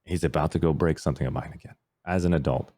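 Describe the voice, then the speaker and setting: Very deep-voiced man telling a personal story. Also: fairly even intonation, quick pace, dark tone, dry recording. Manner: candid and earnest, trailing fillers. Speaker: podcast guest, streamer.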